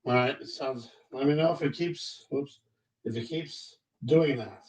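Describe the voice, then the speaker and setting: A man's voice: medium pitch, measured pace, darkish tone, rough recording. Rambling man hosting a livestream. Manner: rambling, greets viewers by name, frequent throat clearing. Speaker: livestream host. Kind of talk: casual livestream chat.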